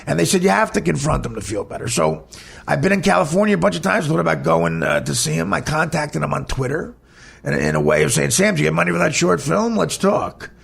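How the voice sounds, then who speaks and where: A podcast host with a high, husky voice and a heavy gravelly fry tells a personal story. His pitch swings widely as he rambles bluntly and swears freely. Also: sing-song, fast talker, a bit bright.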